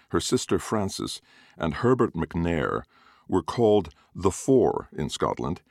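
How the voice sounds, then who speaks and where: A man narrating a story in a wry, expressive manner. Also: low voice, dry recording, clean studio sound.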